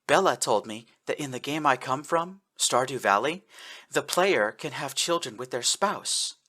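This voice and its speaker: A man voicing a shy, bashful young woman speaking softly in a read-aloud story. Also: mid-range voice, animated, measured pace, pitched above the performer's own voice. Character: shy, hopeful young woman from a farm game.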